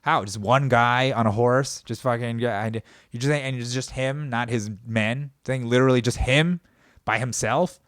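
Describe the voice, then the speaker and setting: A man hosting a podcast, riffing in a rambling, sarcastic comedic monologue that swings between loud outbursts and mumbled asides. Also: medium pitch, normal speed, dry recording, clean studio sound. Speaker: podcast host.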